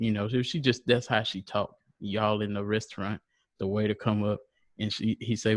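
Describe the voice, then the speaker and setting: A man's voice: fairly low pitch, little pitch movement, fairly quick, no echo. A man hosting a podcast in casual chat, laughing often and putting questions to his co-hosts. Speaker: podcast host.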